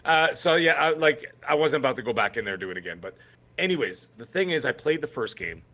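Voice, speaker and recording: A man's voice: mid-range voice, expressive, fast, pushed and bright, dull audio. A man co-hosting a gaming podcast, talking in an emphatic, rambling way with many restarts. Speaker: podcast co-host. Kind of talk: casual podcast chat.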